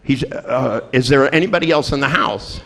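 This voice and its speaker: A man playing a calm female emergency operator. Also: mid-range voice, moderate pace, vocal fry. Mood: businesslike.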